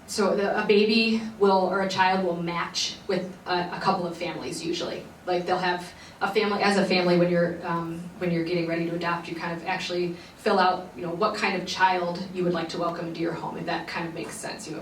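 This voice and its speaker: A woman's voice: lowish voice, a little fast, far from the mic. Earnest woman telling a story in a roomy echo. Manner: earnest, rambling with many fillers. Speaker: podcast host. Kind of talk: personal storytelling. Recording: roomy echo, voice a bit off-mic, faint background noise.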